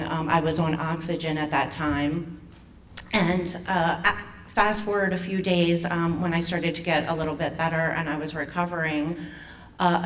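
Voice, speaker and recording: Casting: woman in her 50s, lowish voice, nervous and halting, picked up from afar in a hall. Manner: nervous and emotional, halting with restarts. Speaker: foundation president and patient speaker. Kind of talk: personal story told to an audience. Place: event venue. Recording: distant mic with faint room noise.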